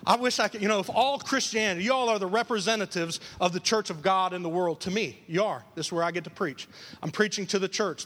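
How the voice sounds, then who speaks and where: A man preaching a lively sermon as pastor, acting out quoted voices and repeating key lines for emphasis. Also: high voice, big-room sound. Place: church.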